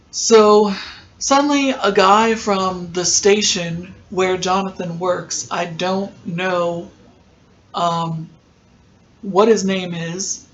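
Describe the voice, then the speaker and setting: A podcast host giving a casual, chatty recap of a TV episode, wandering into asides and filling pauses with ums. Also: medium pitch, highs cut off, slight background noise.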